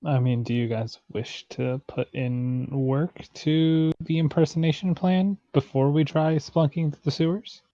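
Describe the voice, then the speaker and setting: A man's voice: a little high, measured pace, hardly any pauses, warm tone, dry recording. A man playing a tabletop game, chatting casually with wry, crude humor. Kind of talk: casual chat over a game. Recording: dull, dry close mic.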